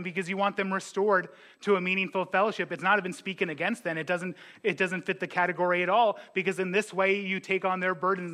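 A man preaching as a pastor, animated, with joking asides and quick impressions of his congregants. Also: high-pitched. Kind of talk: sermon.

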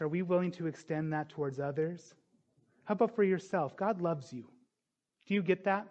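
A man's voice: a little high, darkish tone, dull audio. A man preaching a sermon as pastor, earnest and building to emphatic questions.

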